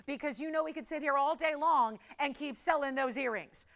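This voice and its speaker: A woman hosting a live jewelry shopping show, chatty and excitable, often laughing and talking to callers and operators. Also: high-pitched, brisk, gravelly, few pauses.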